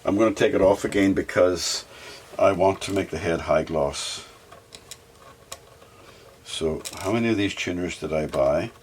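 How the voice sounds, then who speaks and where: A man's voice: low-pitched, a little slow, long pauses. A man chatting casually to himself and the viewer while he works on a guitar, with sudden sing-song bursts. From Scotland. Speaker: hobby guitar builder. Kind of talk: casual workshop vlog talk. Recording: faint background noise and clicks.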